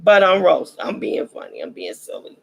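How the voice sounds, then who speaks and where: A woman's voice: low-pitched, huge pitch swings, fairly quick, vocal fry, slightly rough, rough recording. A woman hosting a vlog, giving a casual commentary monologue. She roasts and preaches in a slangy way, and her throat is dry as she loses her voice. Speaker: vlog host.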